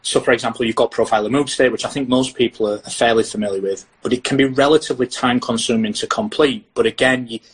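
A man's voice: mid-range voice, fast talker, few pauses, breathy edge, rough recording. A British man, a sports science lecturer, talking through research in a podcast interview and acting out what athletes and coaches say. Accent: British English. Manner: animated, acts out athletes' and coaches' lines.

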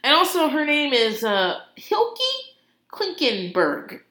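A woman's voice: high-pitched, sing-song, takes it slowly, sharp tone. A woman host giving a casual comedic recap, swearing freely and laughing often as she talks. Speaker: podcast host. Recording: roomy echo.

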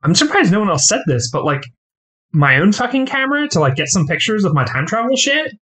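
A man with a slightly high, bright voice riffing on a podcast. He jokes playfully and swears freely in casual chat. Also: sing-song, fairly quick. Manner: playful, profane, jokey. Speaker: podcast co-host.

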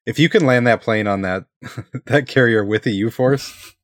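A man's voice: medium pitch, normal speed. A man co-hosting a casual chat show, laughing often and reading listener letters aloud. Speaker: podcast co-host reading letters.

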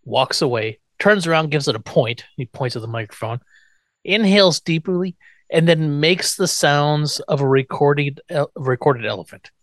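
Man, podcast co-host, higher voice, casual recap, chuckling, dry close sound. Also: expressive, normal speed, fairly bright tone, dry recording. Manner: recaps scenes step by step, chuckling often. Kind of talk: casual episode recap chat.

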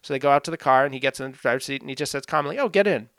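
A man in a loose, casual film chat, full of fillers and restarts, now and then slipping into little acted-out bits of scenes. His voice is smooth and resonant, recorded dry and close with no room sound. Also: mid-range voice, flat delivery, rapid-fire, a bit bright, dry recording. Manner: rambling, frequent "like" fillers, acts out scenes.

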